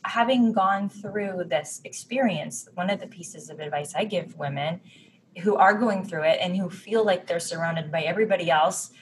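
A woman's voice: on the low side, normal speed, a little hiss or hum, low-quality recording. Candid woman in her thirties, faint ambience. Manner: candid, emotional, frequent restarts. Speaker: guest sharing fertility experience. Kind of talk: casual podcast conversation.

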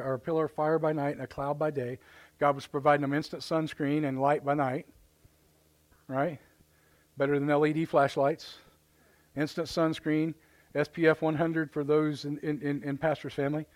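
A man's voice: on the high side, flat delivery, moderate pace. A man with a Midwestern American accent, preaching a live sermon as pastor in folksy storytelling, acting out voices and exclamations. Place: church sanctuary, live service.

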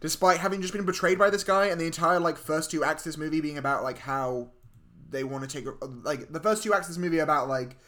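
A man's voice: on the high side, quick pace, pushed and bright. A man with a posh English accent co-hosting a casual film review podcast, sweary and sarcastic. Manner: sweary, emphatic, sarcastic asides. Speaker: podcast co-host.

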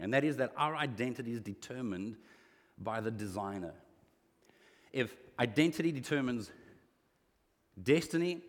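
Man, pastor, sermon, lively swinging pitch, long hall reverb. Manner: animated, acts out quoted lines with rising voice.

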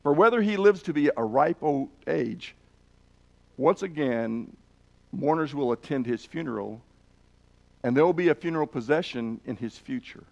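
A man's voice: fairly high pitch, expressive, normal speed, creaky, a little mellow, muffled recording. A man preaching a sermon, earnestly retelling and reading scripture passages aloud with emphasis. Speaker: pastor.

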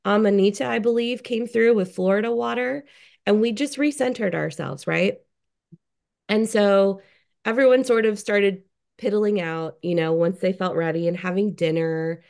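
A woman's voice: mid-range voice, normal speed, vocal fry, a little mellow. A woman guest on a group call, speaking earnestly and with admiration as she recalls a retreat. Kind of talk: casual chat on a group call.

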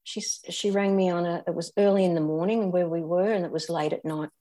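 Older Australian woman, low-pitched, candid storyteller, reflective and halting. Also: fairly even intonation, mellow. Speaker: interview guest. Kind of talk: personal storytelling.

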